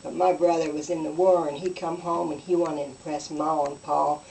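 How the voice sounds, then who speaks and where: Woman comic, folksy deadpan storyteller, distant faint-hissy recording. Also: deep voice, normal speed, vocal fry. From West Virginia. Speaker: comedian. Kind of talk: deadpan hillbilly stand-up routine.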